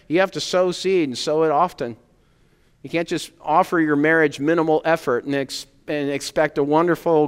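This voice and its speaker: A man preaching a sermon as pastor to his congregation, earnestly building emphatic points and then dropping to a quiet tone. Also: a little high, clear, resonant tone. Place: church sanctuary. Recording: long hall reverb.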